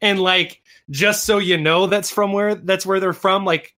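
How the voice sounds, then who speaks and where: A man in a relaxed chat with friends, speaking in a slightly raised register. He rambles, backs up and restarts his thoughts as he goes, with plenty of fillers. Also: high voice, a little slow. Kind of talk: casual chat reviewing a comic.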